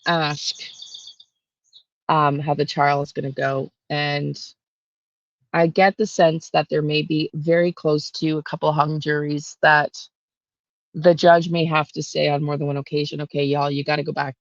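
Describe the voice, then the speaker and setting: A woman talking straight to camera as a true crime intuitive, rambling and halting with lots of fillers and restarts. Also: deep voice, steady tone, dry recording, dull audio. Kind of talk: casual monologue on camera.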